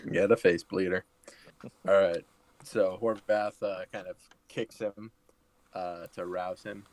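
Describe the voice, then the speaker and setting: A man's voice: sits low, steady tone, slow pace, pauses often. A man playing a tabletop game over an online call, speaking hesitantly with many fillers. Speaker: player. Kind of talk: casual tabletop play.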